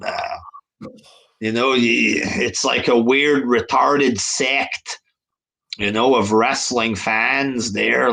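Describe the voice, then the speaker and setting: Slow, gravelly-voiced man grumbling. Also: mid-range voice, a bit bright. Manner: grumbling, profane, dismissive. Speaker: podcast host. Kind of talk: casual podcast rant.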